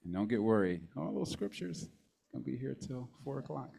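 A man preaching a sermon into a handheld microphone in a church. He draws amens from the congregation and reads scripture references slowly, repeating each one. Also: medium pitch, very animated, vocal fry, warm tone, low-quality recording. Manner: call-and-response with the congregation, frequent amens. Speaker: guest preacher. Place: church sanctuary.

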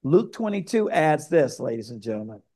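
A male pastor preaching a sermon, telling a story in a lively way and speaking straight to the congregation. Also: a little high, normal speed.

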